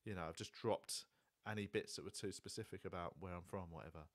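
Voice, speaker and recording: A man's voice: low voice, fast, dry recording. A man hosting a podcast, talking casually and rambling with lots of fillers like "like" and "you know". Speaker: podcast host. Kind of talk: casual chat.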